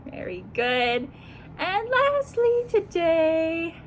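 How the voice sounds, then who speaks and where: A children's librarian reads a picture book aloud at storytime, quizzing her young listeners in an animated, sing-song way. Her voice is high-pitched and slow, with slight background noise.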